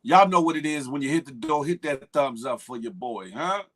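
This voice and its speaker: A man's voice: on the high side, lively intonation, moderate pace, fairly bright tone. A man hosting a morning live stream, chatting loosely in slang, greeting viewers by name and riffing on internet gossip. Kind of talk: casual live-stream chat.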